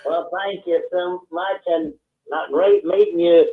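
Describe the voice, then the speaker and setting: A man from Texas, calling in and speaking in a halting, stammering, earnest way. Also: sits high, steady tone. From Texas, USA. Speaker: caller. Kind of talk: phone-in call. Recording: tinny phone line.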